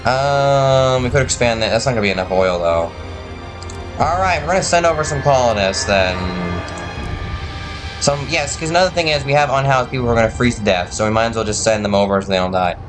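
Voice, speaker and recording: A man giving casual gameplay commentary, chatty, thinking aloud with quick asides. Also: medium pitch, lively intonation, over music. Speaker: gamer.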